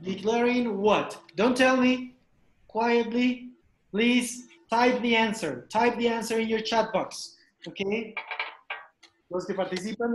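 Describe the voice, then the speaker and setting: Guy teaching english on a video call, keeps repeating words for students, roomy echo. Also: high-pitched. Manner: repeats questions, drills pronunciation. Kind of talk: online class teaching.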